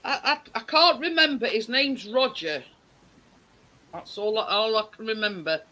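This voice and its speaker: A man's voice: high voice, moderate pace, bright, forceful tone, low-quality recording. A man chatting casually and laughing often on a live stream. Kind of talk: casual chat.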